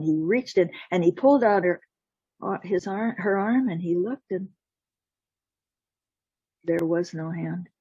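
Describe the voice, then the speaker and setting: A woman storyteller telling a folktale slowly and deliberately, voicing the sound effects herself over a video call. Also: fairly low pitch, mellow, breathy edge, no echo. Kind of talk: told folktale. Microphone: video call mic. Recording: dull lo-fi call audio.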